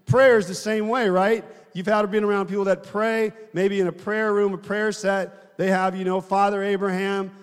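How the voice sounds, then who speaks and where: A man's voice: high-pitched, flat delivery, moderate pace, few pauses, clear, resonant tone, in a large hall. A man preaching a sermon in a conversational way, often asking the congregation questions.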